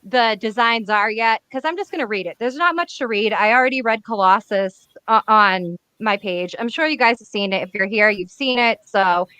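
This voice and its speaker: A woman hosting casual comic commentary on a webcam, blunt, profane and excitable. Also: fairly high pitch, moderate pace, hardly any pauses, clear, resonant tone, no room sound. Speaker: comic reviewer host.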